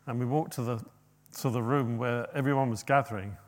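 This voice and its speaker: A man preaching a sermon, rising to loud, emphatic quoted passages and dropping to quiet asides. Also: mid-range voice, fairly even intonation, brisk.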